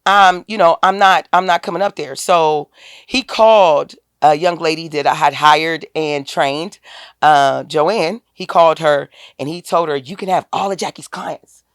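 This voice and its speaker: A woman, a guest on an interview podcast, telling a personal story in a casual, animated way and acting out the quoted dialogue with a lifted voice. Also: low voice, a little slow, clear, resonant tone, dry recording, clean studio sound. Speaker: podcast guest, tax business owner.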